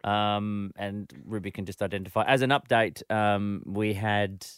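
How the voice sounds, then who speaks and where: A man hosting a radio show, telling stories in an animated, chatty way with quick asides. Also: lowish voice, clean tone, no room sound, clean studio sound. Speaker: radio host. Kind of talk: casual radio chat.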